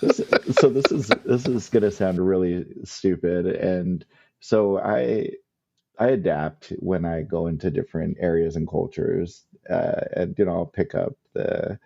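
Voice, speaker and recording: Gravelly low-voiced man, rambling casually. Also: a little slow, warm tone, muffled recording. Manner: rambling, self-deprecating, laughs often. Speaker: podcast co-host. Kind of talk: casual chat.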